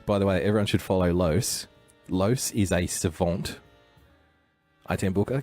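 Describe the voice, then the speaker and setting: A man's voice: deep voice, normal speed, darkish tone, soft background music. A man hosting a livestream, rambling through casual commentary with joking asides and chuckles. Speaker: livestream host.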